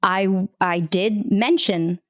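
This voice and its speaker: A woman narrating as game master, telling the scene with lively storytelling and plenty of fillers and restarts. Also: mid-range voice, takes it slowly, no echo, clean studio sound.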